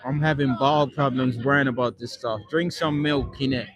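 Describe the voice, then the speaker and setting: A man's voice: medium pitch, steady tone, moderate pace, a bit bright, low-quality recording. A man on a live stream, reading and answering chat in a rambling, casual way, swearing often and ending most lines with "man". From not born in Britain. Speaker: livestreamer. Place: London.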